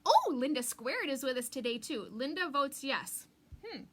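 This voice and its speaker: A woman's voice: sits high, sing-song, moderate pace. A chatty woman demonstrates a craft live, easily distracted, laughing often and dropping to a whisper for asides. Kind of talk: live craft tutorial with chat.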